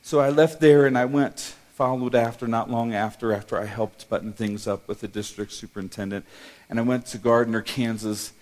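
A middle-aged man, a pastor, telling a personal testimony in a sermon, emotional and halting with many restarts. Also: mid-range voice, fairly even intonation, a little mellow.

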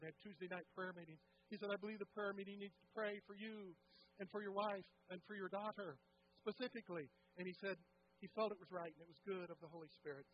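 A man pastor preaching a sermon, telling a story and building to loud emphatic passages before dropping to a hush. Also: sits high. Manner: impassioned, swinging from loud emphatic to hushed. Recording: dull lo-fi church recording with faint hum.

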